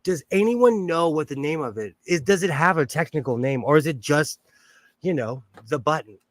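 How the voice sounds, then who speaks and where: A man's voice: fairly high pitch, lively intonation, normal speed, dry recording. A man chatting casually on his sewing livestream from his home sewing room, rambling and laughing often. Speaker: livestream host.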